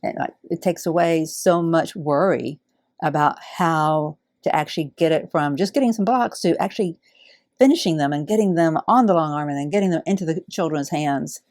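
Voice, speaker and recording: Low-voiced woman, gushing. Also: normal speed, darkish tone, dry recording, studio quality. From Alabama. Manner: heartfelt, awed, gushing. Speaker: quilting channel host. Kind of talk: casual unboxing chat.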